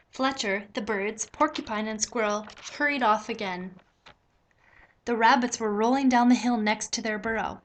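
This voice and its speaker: A woman reading a children's picture book aloud in a slow, gentle, expressive way. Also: fairly high pitch. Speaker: storybook reader. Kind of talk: children's story read-aloud.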